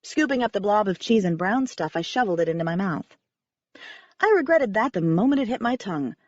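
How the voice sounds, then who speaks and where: Lively wry woman narrating an audiobook. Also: medium pitch, brisk, no echo, dull audio. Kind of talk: first-person audiobook narration.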